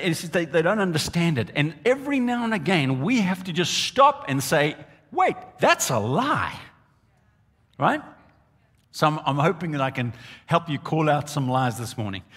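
A male pastor preaching a sermon, emphatic and animated, driving points home with repeated phrases. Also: a little high, in a large hall.

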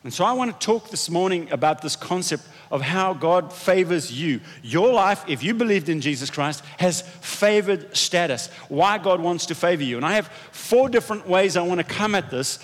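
Male pastor, fairly high voice, relaxed conversational sermon, long church hall echo. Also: moderate pace, few pauses. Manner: conversational, self-deprecating preaching with restarts.

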